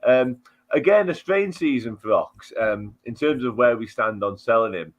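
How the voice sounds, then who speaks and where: A man's voice: medium pitch, normal speed. A man on a football podcast panel, giving frank, chatty opinions on a player's future. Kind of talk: casual football chat. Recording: dull lo-fi audio.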